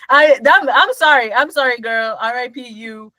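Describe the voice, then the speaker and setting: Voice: medium pitch, normal speed, few pauses, sharp tone, no room sound, poor audio. A podcast co-host in casual chat who uses a lot of slang and teases and jokes. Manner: slangy, joking, teasing.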